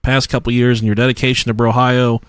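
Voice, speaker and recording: A man's voice: medium pitch, little pitch movement, quick pace, clear, resonant tone, no echo. An American man hosting a podcast, joking around and swearing casually. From United States. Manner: joking, profane, laid-back. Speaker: podcast host.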